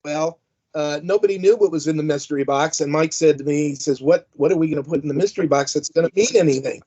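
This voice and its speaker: A man's voice: fairly high pitch, fast, dark tone, breathy edge. An older man, a former wrestling manager, telling rambling, amused anecdotes with lots of fillers. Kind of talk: anecdotal storytelling. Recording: dull lo-fi audio.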